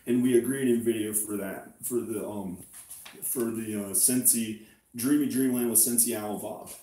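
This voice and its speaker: A man's voice: fairly low pitch, fairly even intonation, moderate pace, dark tone. A man, a producer, reading a document aloud carefully, breaking off now and then with casual asides. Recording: roomy echo.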